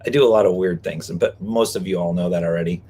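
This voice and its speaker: A man's deep, mellow, husky voice holds a steady tone as he talks fast, co-hosting a live stream from a vehicle parked behind a restaurant. He jokes casually and playfully with viewers, including rhyming name games.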